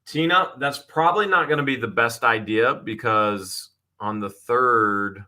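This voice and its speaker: Bright-voiced man calling a live auction. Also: medium pitch. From United States. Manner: playful, teasing, quick auction calls. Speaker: host running a live auction stream. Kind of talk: live-stream chat and auctioneering.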